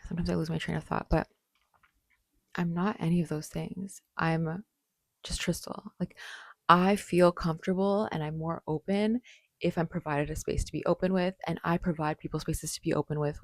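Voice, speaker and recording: A woman's voice: deep voice, dry recording. A woman in her late twenties talking casually to camera in a rambling, bubbly way with lots of fillers. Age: late 20s. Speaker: vlogger.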